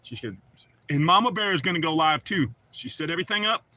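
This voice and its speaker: A man's voice: a little high, animated, brisk, bright, forceful tone. A middle-aged man with a Southern accent chats loosely on a livestream, rambling and reading out viewer comments with casual swearing. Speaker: livestream host.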